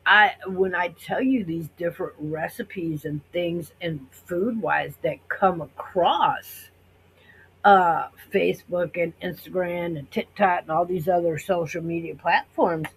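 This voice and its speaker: A woman's voice: lowish voice, slow pace, breathy edge, poor audio. A middle-aged woman from the United States talking in a chatty, rambling way to her viewers, acting out other people's reactions. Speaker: vlogger. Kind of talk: casual rambling monologue.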